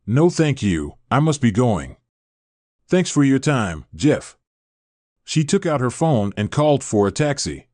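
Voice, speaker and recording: A man's voice: medium pitch, very animated, measured pace, darkish tone, dry recording, studio quality. A man reading a scripted story aloud, narration and dialogue alike in one voice, with the same lines repeated over and over. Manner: reads every character in one voice, barely changing it.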